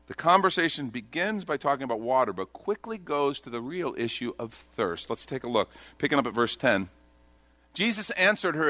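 Animated, bright-voiced male preacher. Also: medium pitch, normal speed, no room sound. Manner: conversational, animated preaching with acted-out quotes. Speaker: pastor. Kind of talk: sermon.

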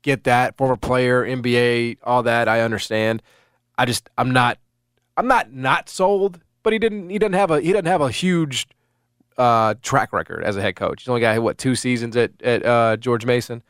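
A man's voice: medium pitch, moderate pace, clean tone, no room sound, clean studio sound. A middle-aged man hosting casual sports talk, rambling with many restarts and fillers.

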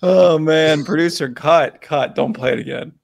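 A man's voice: a little high, moderate pace, creaky. A man co-hosting a casual sports podcast, chatting loosely and riffing through an ad read. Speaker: podcast co-host.

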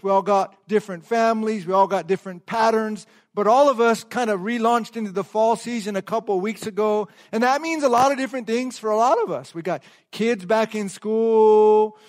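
A man preaching a sermon as pastor, calling on the congregation to repeat phrases and drawing out key words slowly for emphasis. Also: high voice. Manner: call-and-response, asks the congregation to repeat phrases. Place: church service before a congregation.

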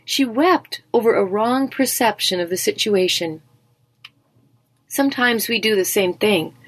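A woman reading a scripted Bible devotional in a gentle, encouraging, measured way. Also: medium pitch, husky. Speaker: devotional speaker.

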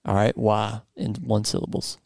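A man hosting a casual studio chat, relaxed and playful, with lots of fillers. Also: lowish voice, normal speed, creaky, no room sound. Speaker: podcast host.

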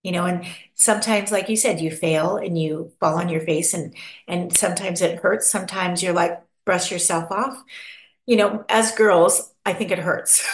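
Animated woman storyteller in an echoey room. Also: lowish voice, normal speed. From North America. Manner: animated storyteller who acts out quotes and laughs often. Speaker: guest. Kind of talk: casual interview chat.

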